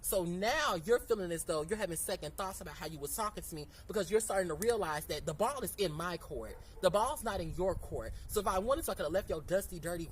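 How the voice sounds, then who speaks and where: Animated woman telling a story outdoors. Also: on the low side, a little hiss or hum. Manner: animated, profane, fast-talking storyteller. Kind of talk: casual storytime monologue. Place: outdoors in sunlight.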